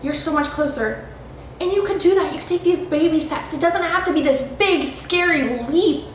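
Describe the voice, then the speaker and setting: High-voiced woman with a blunt pep talk in a very echoey room. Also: normal speed. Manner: blunt, emphatic, swears freely, talks straight to the listener. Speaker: vlog host. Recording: very echoey room with faint noise.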